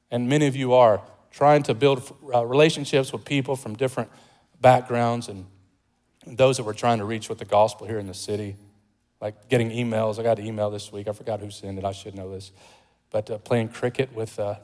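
A male pastor preaching a sermon in a conversational, humorous way, with jokes and asides. He swings between loud, emphatic lines and quiet, muttered remarks, and he sounds excited. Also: medium pitch, low-quality recording.

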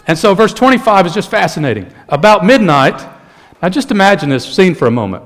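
A man preaching a sermon in an animated, conversational way, mixing in humor. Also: high-pitched, brisk. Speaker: pastor.

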